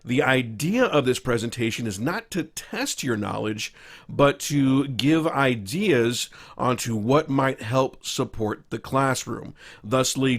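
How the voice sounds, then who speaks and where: Teacher presenting a staff training: measured, explanatory male voice, mid-range pitch. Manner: measured, explanatory, with occasional fillers. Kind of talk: recorded slideshow lecture.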